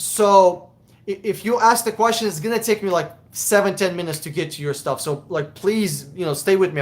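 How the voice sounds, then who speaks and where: Man hosting a live Q&A stream, high voice, blunt and profane, repeats words for emphasis. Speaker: host answering viewer questions.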